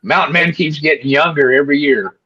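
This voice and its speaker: A man in his seventies chatting as a guest on a live call, easygoing and quick to laugh. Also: fairly high pitch, breathy edge. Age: 70s. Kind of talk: casual chat. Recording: dull lo-fi call audio.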